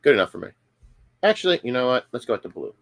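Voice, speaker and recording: A man streams live from his home setup, reacting with heated, profane outrage. His pitch swings widely between low grumbles and sudden high outbursts. He stammers and restarts his sentences as he works himself up. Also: big pitch swings, fast talker.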